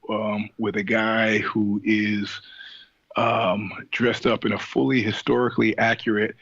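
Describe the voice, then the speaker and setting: A man with a fairly low voice tells stories as a podcast guest, lively and profane, often breaking into laughter. The sound is dry and a little dull, like a modest remote recording. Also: creaky, no room sound. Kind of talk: casual storytelling interview.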